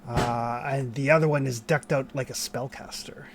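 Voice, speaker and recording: A man narrating a tabletop game as game master, pausing often with fillers. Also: medium pitch, fairly even intonation, noisy background. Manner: hesitant, many fillers.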